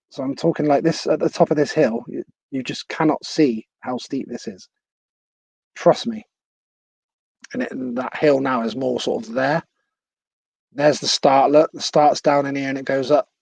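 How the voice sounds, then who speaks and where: A man's voice: mid-range voice, a little mellow, husky, no echo. A man hosting a casual live stream at home, chatty and laughing at himself. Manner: chatty, laughs often, self-deprecating. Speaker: livestream host.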